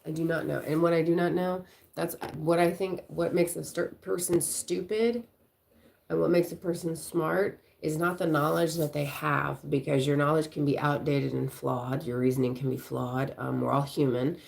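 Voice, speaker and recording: Middle-aged woman, low creaky voice, loose rambling livestream chat host. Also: flat delivery, normal speed, a little mellow. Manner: rambling, chatty, storytelling with quoted voices.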